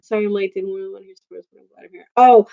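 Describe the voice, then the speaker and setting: A woman's voice: medium pitch, fairly even intonation, racing, warm tone, dull audio. A woman in her thirties chatting casually on a live stream, laughing often and answering viewer comments.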